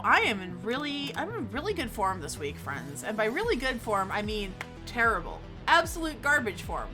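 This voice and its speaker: A bubbly young woman streamer chatting from home, her voice bright and swooping up and down in pitch. She pokes fun at herself and chatters freely, sitting on the higher side for a woman. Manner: bubbly, chatty, self-mocking. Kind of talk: casual live-stream chat.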